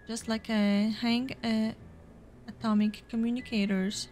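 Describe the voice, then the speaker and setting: A woman reads game dialogue aloud in a playful, casual way, with fillers. Her voice sits a bit high and her pace is slow. Faint game music plays behind her. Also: flat delivery, darkish tone. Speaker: let's play gamer.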